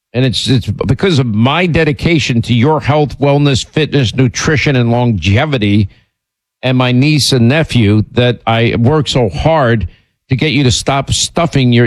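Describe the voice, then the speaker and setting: A middle-aged man hosting a radio show, telling stories in a rambling, animated way and jumping up in pitch when he gets indignant. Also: no echo. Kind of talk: casual on-air storytelling.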